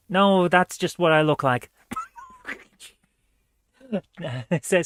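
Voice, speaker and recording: A woman's voice: low-pitched, fairly even intonation, takes it slowly, pauses often, smooth, dry recording. A woman hosting a live retro gaming stream, reading viewer comments aloud in a chatty, upbeat way and laughing easily.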